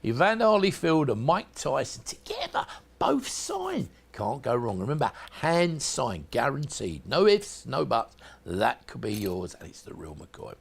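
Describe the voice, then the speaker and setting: A man with a South London accent, presenting home shopping in a chatty sales pitch that speaks straight to viewers. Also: wildly swooping pitch, unhurried, creaky, husky.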